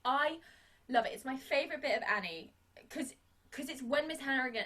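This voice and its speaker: A young woman co-hosting a casual film review podcast, recapping scenes with swearing and acting out characters in shouted voices. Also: a little fast. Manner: animated, acts out scenes in high shouted voices, swears freely. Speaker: podcast co-host.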